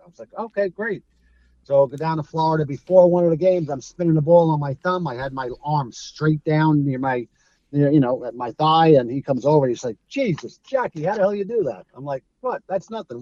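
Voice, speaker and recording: This former streetball player from Brooklyn, middle-aged and New York-accented, tells animated stories as an interview guest, voicing the characters he quotes and laughing a lot. He speaks a little fast in a slightly high voice. The audio is lo-fi.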